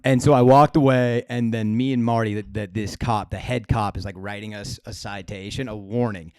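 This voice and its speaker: A young man co-hosting a comedy podcast, telling an animated, profane story in casual chat. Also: on the low side, normal speed, clean tone, dry recording, studio quality.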